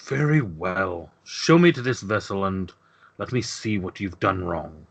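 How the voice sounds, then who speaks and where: A man voicing a stern, aged grandfather dragon lord who speaks slowly and gravely. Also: deep voice, very animated, pitched below the performer's own voice, full character voice. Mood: weary. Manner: slow, grave, measured.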